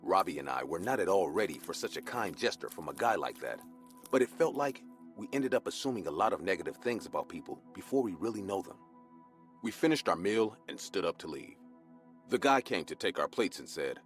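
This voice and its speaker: A man narrating a scripted horror story in a lively, expressive way. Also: deep voice, normal speed, breathy edge, no echo, faint music behind.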